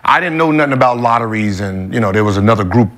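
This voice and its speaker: A man's voice: lowish voice, animated, quick pace, a bit bright. A man hosting a sports podcast, telling a story with emphatic profanity and mimicking other people's voices. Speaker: podcast host. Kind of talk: animated storytelling in casual chat.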